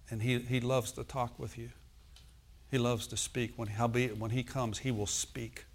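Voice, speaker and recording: A man preaching in a church, with a voice of middling pitch. He talks to the congregation with call-and-response asides and moves between loud emphasis and quiet, close tones. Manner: swings from loud emphasis to soft intimate tones. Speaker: pastor. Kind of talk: sermon.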